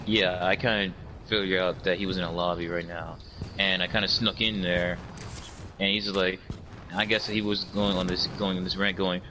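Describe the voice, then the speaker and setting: A man in casual podcast chat, telling a story with lively energy. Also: moderate pace, slight background noise. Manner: animated storyteller, mimics opponents in high squeals.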